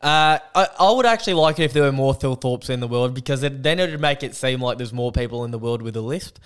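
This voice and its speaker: An Australian man with a slight lisp talks sport casually on a podcast. His voice is smooth and resonant at an ordinary middle pitch. He gives blunt, lively opinions. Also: fast talker. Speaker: podcast host.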